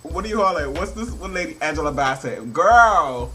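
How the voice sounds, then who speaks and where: Male vlogger, casual film-review rant: slightly high, bright edgy voice, laughing and cursing throughout. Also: lively intonation, normal speed, few pauses, slight background noise. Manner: laughs often, swears freely, rambling with many fillers.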